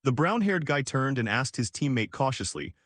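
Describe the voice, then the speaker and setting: A man's voice: medium pitch, sing-song, moderate pace, a bit bright, no room sound, studio quality. A man narrating a scripted story recap in a dramatic storytelling manner.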